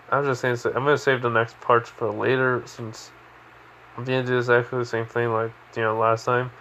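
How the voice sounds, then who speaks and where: A man's voice: mid-range voice, fairly bright tone, dull audio, a little hiss or hum. Sleepy rambling man telling a fan story. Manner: rambling, with many fillers. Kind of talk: casual retelling of a fan story.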